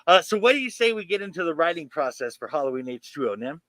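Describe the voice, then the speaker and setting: A man's voice: on the high side, sing-song, fast, fairly bright tone, no echo, rough recording. A man co-hosting a horror podcast, enthusiastically running through film history from his notes. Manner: enthusiastic, informative, runs through facts. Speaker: podcast co-host.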